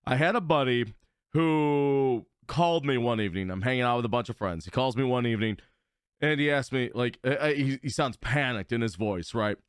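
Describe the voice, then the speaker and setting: A man's voice: mid-range voice, fairly quick, clean tone, no room sound, studio quality. A man co-hosting a casual podcast, telling stories with energy and acting out his friends' lines. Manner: animated storytelling, voices friends in quotes. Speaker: podcast co-host.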